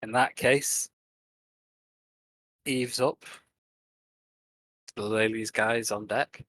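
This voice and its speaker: A man running a tabletop game as game master, narrating the action in measured detail. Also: lowish voice, steady tone, fairly bright tone, no room sound, low-quality recording.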